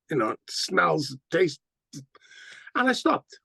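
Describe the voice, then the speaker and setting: A middle-aged man, a band singer telling stories in a casual interview, animated and profane. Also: fairly high pitch, brisk, creaky, dry recording. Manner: animated, profane, acts out quotes.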